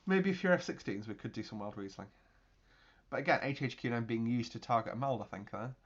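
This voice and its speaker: A man hosting his channel, giving chatty, excitable gameplay commentary with mouth-made explosion noises. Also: mid-range voice, fast, muffled recording. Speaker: video game channel host.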